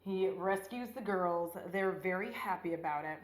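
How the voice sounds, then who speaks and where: A woman's voice: on the low side, moderate pace. A woman rambling casually and profanely while doing her makeup, retelling a movie. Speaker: beauty vlogger. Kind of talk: casual get-ready-with-me chat. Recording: roomy echo.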